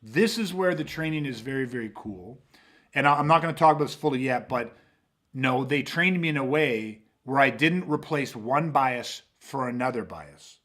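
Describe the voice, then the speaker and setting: A man's voice: mid-range voice, expressive, normal speed, fairly bright tone. A man hosting a podcast about self-defense, telling stories animatedly with lots of swearing and restarts. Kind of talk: casual podcast talk.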